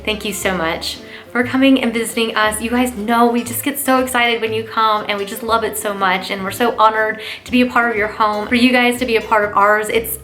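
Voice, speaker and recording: A woman hosting a lifestyle gift-guide vlog, gushing with enthusiasm and chatting warmly to her viewers. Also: medium pitch. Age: adult parent. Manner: gushing and enthusiastic, lots of "oh my gosh"; warm, talks straight to viewers as "you guys". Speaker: lifestyle channel host.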